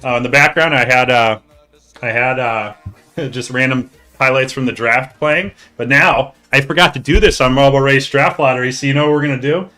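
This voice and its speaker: A man streaming live, talking straight to his chat in a joking, excitable way with the odd swear word. His voice sounds bright and forward, and faint music plays underneath. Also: mid-range voice, moderate pace. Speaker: streamer hosting a hockey league draft.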